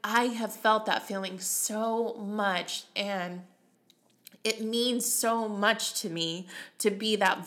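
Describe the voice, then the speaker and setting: A woman's voice: medium pitch, fairly bright tone. A middle-aged woman, a mindset coach, talking earnestly and emotionally about self-talk in a motivational solo talk. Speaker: mindset coach for real estate agents.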